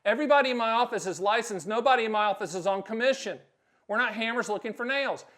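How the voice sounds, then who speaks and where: A middle-aged man with a notably high-pitched voice hosts a direct-to-camera explainer. He talks bluntly in short, punchy sentences and throws in sudden loud bursts of emphasis. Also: fast. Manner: acts out short quoted exchanges. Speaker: host.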